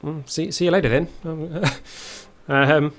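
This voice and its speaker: A man's voice: a little high, steady tone, slow pace, fairly bright tone, soft background music. A young man streaming a space game live, talking viewers through his moves with many ums and restarts. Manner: hesitant, full of ums, chats with viewers. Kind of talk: live gameplay commentary.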